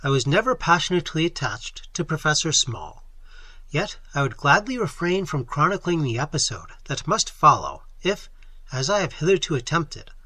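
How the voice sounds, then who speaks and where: A man's voice: on the high side, sing-song, normal speed, pushed and bright, husky, dry recording. A man reading a story aloud as audiobook narrator, telling it expressively. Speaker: audiobook reader. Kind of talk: scripted narration.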